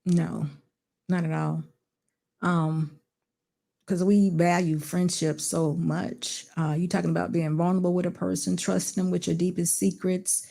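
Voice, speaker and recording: Gravelly voice, measured, hesitant, casual panel talk. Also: mid-range voice, flat delivery, dark tone.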